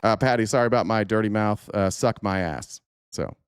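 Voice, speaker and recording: Low, smooth-voiced man hosting a stream. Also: brisk, no room sound, studio quality. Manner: profane, laughing, rambling with many fillers. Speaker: livestream host. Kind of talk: casual reaction commentary.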